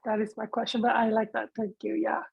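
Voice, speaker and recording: A woman with a slightly high, breathy voice leads a relaxed group discussion. She is reflective, laughs easily and calls on people by name. The sound is close and dry. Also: fairly quick, no echo, dull audio.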